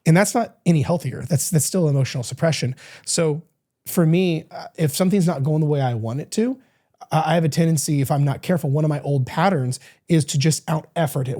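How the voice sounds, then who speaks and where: A man's voice: a little high, fairly quick, dark tone. A man hosting a podcast as a coach, talking in an earnest, rambling way with frequent restarts and self-corrections. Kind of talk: casual reflective podcast monologue.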